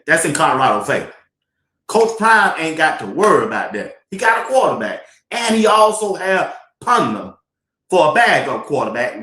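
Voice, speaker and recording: A man's voice: fairly high pitch, a bit bright, roomy sound. A man hosting a casual sports talk livestream, joking and laughing often as he talks in folksy slang. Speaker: sports talk show host.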